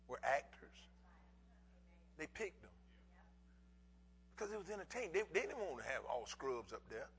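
A middle-aged male pastor preaching a sermon in folksy bursts, repeating words for emphasis and swinging from quiet asides to shouts. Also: fairly high pitch, a little hiss or hum, low-quality recording.

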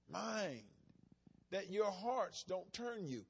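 A man's voice: on the high side, very animated, moderate pace, breathy edge. A male pastor preaching a sermon in a folksy, emphatic way, mixing plain storytelling with bursts of insistence.

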